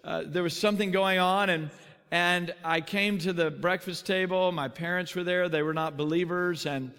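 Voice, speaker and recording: A middle-aged man preaching, telling his own story in earnest, now quick, now slowing down for weight. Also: sits high, steady tone, a bit bright, smooth, big-room sound. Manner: earnest personal testimony, quick then slowing for emphasis. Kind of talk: sermon storytelling. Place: large conference hall.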